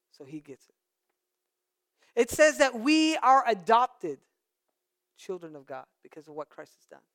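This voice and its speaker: A pastor preaching a conversational sermon, with playful asides to the congregation. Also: male voice, extremely high pitch, a bit bright, clean tone.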